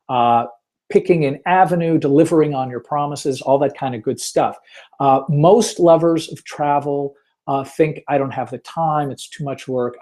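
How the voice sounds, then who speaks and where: Hosting a laid-back webinar, this man tells stories in a chatty, self-deprecating way, with plenty of filler words. His voice sits in the mid range and sounds warm.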